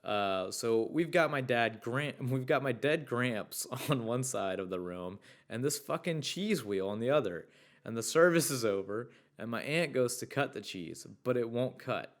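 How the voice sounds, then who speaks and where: A young man hosting a podcast in a casual, chatty way, reading listener stories aloud and riffing on them with excitable, swear-laden enthusiasm. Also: medium pitch, normal speed. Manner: excitable, swears freely, riffs loudly on stories. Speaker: podcast host.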